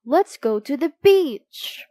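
A woman voicing an excited young bear boy in a children's storybook, asking eager questions. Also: sits high, slow pace, no echo, studio quality, pitched above the performer's own voice.

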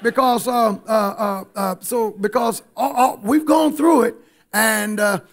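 A man's voice: sits high, a little slow. A man preaching a sermon in a church, emphatic and talking directly to the congregation.

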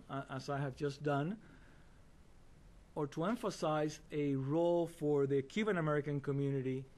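A man giving formal conference panel remarks, deliberate and slowing on key phrases. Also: fairly high pitch, a little mellow.

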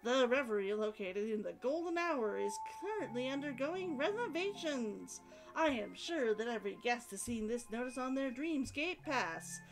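A woman's voice: fairly high pitch, expressive, normal speed, over music, low-quality recording. A woman voicing an earnest female investigative reporter, with a formal, conspiratorial announcer delivery while reading game dialogue aloud.

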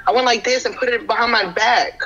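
A woman's voice: a little high, fairly even intonation, a little fast, muffled recording, noisy background. A young woman on a video chat, sassy and playing along with a mock argument. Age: young adult.

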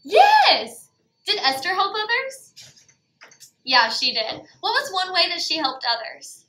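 A woman teaching a Bible lesson to preschoolers, animated and sing-song, with gasps and exclamations. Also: very high voice, takes it slowly, reverberant.

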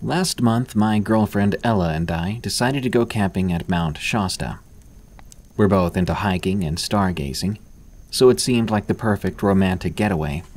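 Scripted first-person horror stories are narrated by a deep-voiced man whose delivery stays measured and steady.

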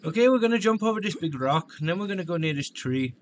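A man's voice: high-pitched, expressive, fast talker, slight background noise. A man giving joking let's-play commentary, full of crude banter. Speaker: gaming video host.

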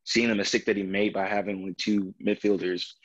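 A man's voice: lowish voice, flat delivery, brisk. A young man co-hosting a casual football chat, easygoing and a little hesitant, laughing along. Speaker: co-host. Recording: dull lo-fi sound.

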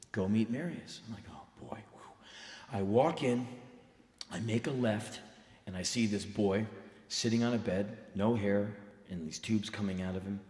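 A man telling a story live on stage, intense and emphatic, acting out the dialogue. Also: lowish voice. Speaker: spoken word performer. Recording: reverberant live hall recording.

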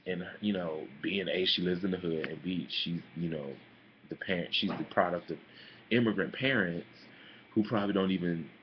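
Sassy deep-voiced young man vlogging. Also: muffled recording, a little hiss or hum. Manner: sassy, animated, calls listeners honey and girl. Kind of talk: casual opinion vlog.

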